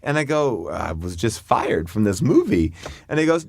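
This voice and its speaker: A man's voice: medium pitch, moderate pace, no room sound. A man on a podcast who tells an anecdote in casual chat and acts out the voices of the people in it. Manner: animated anecdote, acting out other people's voices. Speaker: podcast guest. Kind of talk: casual storytelling.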